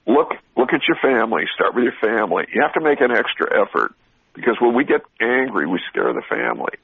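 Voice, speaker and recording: A man's voice: mid-range voice, sing-song, quick pace, gravelly, breathy edge, phone-quality sound. A man speaking bluntly on a radio talk show, telling stories animatedly and laughing often between restarts. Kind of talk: casual motivational radio talk.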